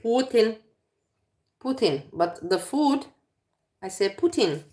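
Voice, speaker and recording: A woman's voice: fairly high pitch, big pitch swings, slow pace, dark tone. A woman hosting a casual vlog, chatting to viewers and laughing along with her companion. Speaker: vlogger host.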